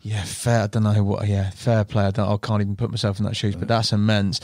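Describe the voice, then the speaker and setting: A man hosting a podcast interview, reacting with quick chatty asides, on a studio mic. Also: on the low side, flat delivery, a little mellow, dry recording. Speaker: podcast host. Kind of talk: casual interview chat.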